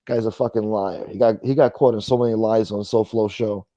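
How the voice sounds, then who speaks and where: A man's voice: lowish voice, steady tone, brisk, dark tone, no echo, lo-fi sound. A man hosting a casual late-night livestream chat, rambling and swearing as he reads and answers viewer comments. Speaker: livestream host.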